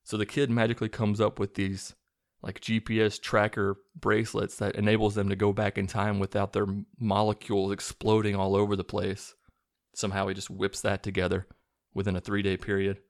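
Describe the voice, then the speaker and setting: Recapping a film casually, this low, gravelly-voiced reviewer speaks in a monotone laced with sarcasm, briefly acting out characters' lines. The recording is close and dry, without any room sound.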